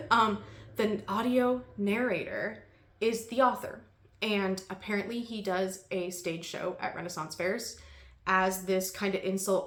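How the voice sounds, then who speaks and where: A woman's voice: mid-range voice, a bit bright. Woman book vlogger, casual and chatty, laughs a lot, echoey room. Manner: chatty, laughs often, many ums. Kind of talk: casual chat.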